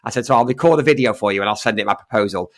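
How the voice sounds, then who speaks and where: A man's voice: medium pitch, racing, no echo. A man co-hosting a casual podcast as an estate agent, telling stories and acting out both sides of the conversations.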